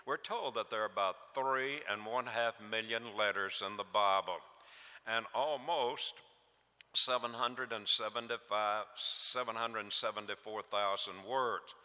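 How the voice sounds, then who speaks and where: A man preaching a sermon to a congregation in a measured, emphatic way. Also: lowish voice, bright, forceful tone. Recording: long reverb in a hall.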